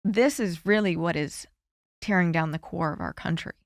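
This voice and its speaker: A woman in her forties, a candidate speaking earnestly and heartfelt in a podcast interview, often pausing with "you know". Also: on the low side, dry recording, clean studio sound. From Florida. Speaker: congressional candidate guest.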